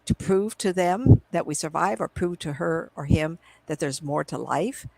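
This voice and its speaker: Gravelly middle-aged woman telling stories. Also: low-pitched, normal speed, mellow, no echo, poor audio. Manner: rambling, acts out remembered conversations. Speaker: psychic medium guest. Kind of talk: casual interview storytelling. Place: at home on a video call. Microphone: computer microphone.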